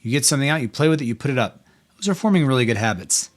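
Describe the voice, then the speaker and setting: A middle-aged man hosting a faith-based parenting talk. His pitch sits in an ordinary middle range, and he speaks in an earnest, encouraging, conversational manner. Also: lively intonation, rapid-fire. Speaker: podcast host.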